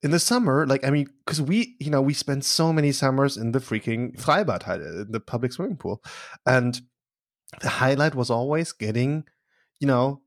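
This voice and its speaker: A man's voice: medium pitch, no echo, studio quality. A man co-hosting a podcast, chatting casually and laughing easily, explaining a term from his background. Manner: laughs easily, chimes in with quick asides. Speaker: podcast co-host. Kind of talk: casual chat.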